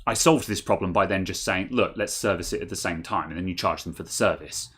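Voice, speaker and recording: A man's voice: quick pace, a bit bright, slightly rough. A man from England co-hosting a casual chat, telling rambling anecdotes from his old computer shop. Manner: rambling anecdotes, shifts to high exaggerated voices when quoting. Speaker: co-host, former computer shop owner.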